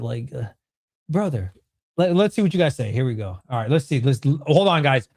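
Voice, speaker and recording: A man in his thirties hosting a livestream Q&A, excitable and swearing often as he rants at his chat. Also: high-pitched. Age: 30s. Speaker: streamer host.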